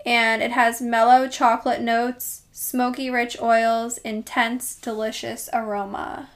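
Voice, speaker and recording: A woman's voice: fairly high pitch, little pitch movement, slow. A young woman with a New Jersey accent co-hosting a casual podcast, upbeat and giggly. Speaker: podcast co-host. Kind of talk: casual chat.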